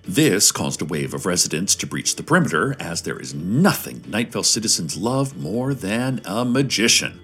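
A man delivering scripted radio news narration in a calm, deadpan manner. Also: low-pitched, moderate pace, hardly any pauses, slightly rough, soft background music.

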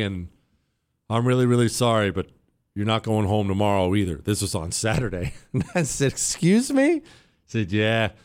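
A man telling a travel story on air, animated and sarcastic, swinging between loud and quiet. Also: fairly low pitch, smooth. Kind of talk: storytelling monologue.

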